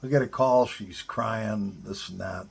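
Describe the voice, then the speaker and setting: A middle-aged man with a deep-set, heavily raspy voice, talking bluntly and profanely to other men. His delivery is a casual advice monologue, direct and plain-spoken, with rough language throughout. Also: unhurried. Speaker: advice-giver to divorced fathers.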